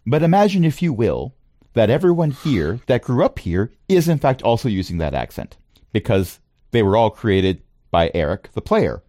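A man narrating a tabletop game as its game master, relaxed and playful, with frequent ums and asides. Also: on the low side, normal speed, no room sound, studio quality.

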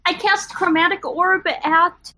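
High-voiced woman playing a tabletop game. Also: fairly even intonation, slow, pushed and bright, no echo, low-quality recording. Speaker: player. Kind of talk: casual tabletop game play.

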